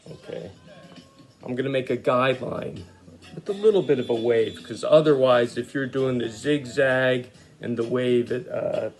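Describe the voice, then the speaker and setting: A man teaching an online art lesson to children, talking in a relaxed, chatty way with lots of fillers. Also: mid-range voice. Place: home studio, hot room. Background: reggae music playing.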